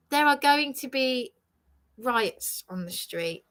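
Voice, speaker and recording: An indignant woman delivers a ranting vlog monologue in a high, bright, piercing voice. Her pitch leaps wildly as she swears and her voice climbs toward shouts, yet her delivery stays slow and deliberate. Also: expressive. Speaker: vlogger.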